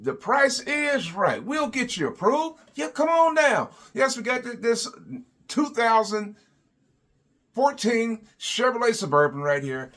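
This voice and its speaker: A man putting on the voice of a pushy, overeager used-car dealer giving a loud hard sell. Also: big pitch swings, unhurried, heavily acted. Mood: hyped sales pitch. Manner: hard-selling, high and loud.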